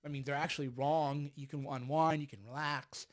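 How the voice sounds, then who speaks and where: A man's voice: a little high, fairly even intonation, moderate pace. A middle-aged man giving blunt, emphatic political commentary on a livestream while smoking a cigar.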